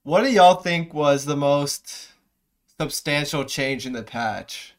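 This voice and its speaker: A man with a somewhat higher voice, hosting a relaxed podcast chat. He keeps things light and jokes with the others. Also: slow. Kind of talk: casual chat.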